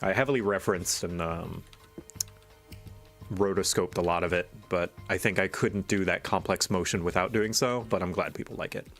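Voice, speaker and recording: A man's voice: deep voice, steady tone, moderate pace, fairly bright tone, faint music behind. Exasperated man venting on a stream. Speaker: streamer and animator. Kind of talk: casual live-stream chat.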